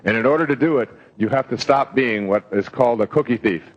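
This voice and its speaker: A man's voice: medium pitch, fast, muffled recording. A man giving a live motivational talk, telling stories in a rambling way with fillers. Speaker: self-help speaker.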